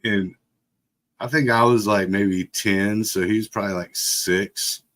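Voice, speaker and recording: A man's voice: fairly low pitch, steady tone, unhurried, a bit bright. Profane laughing man spinning a yarn. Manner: profane, laughs often while telling. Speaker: live stream host. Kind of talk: casual storytelling. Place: home setup for a live stream.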